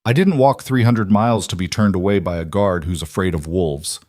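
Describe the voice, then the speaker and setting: A man's voice: deep voice, moderate pace, darkish tone, dry recording, clean studio sound. A man voicing a defiant young female wolf-shifter leader in an audiobook, level and firm. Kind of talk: audiobook character reading.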